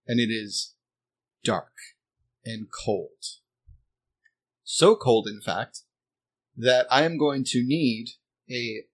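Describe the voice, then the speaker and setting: A man running a tabletop game as game master, setting scenes slowly and deliberately. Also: medium pitch, fairly bright tone.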